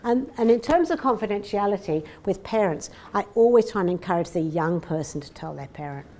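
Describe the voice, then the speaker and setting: A woman's voice: mid-range voice, animated, a little fast, mellow. A woman giving a conversational seminar talk, chatty and anecdotal, often acting out little dialogues. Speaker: seminar presenter. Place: seminar room.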